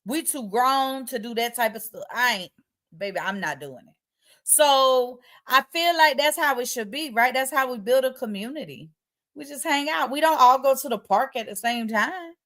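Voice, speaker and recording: A woman hosting a casual livestream chat. She reads viewer comments aloud and answers them in relaxed, colloquial slang. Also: sits high, normal speed. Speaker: livestream host.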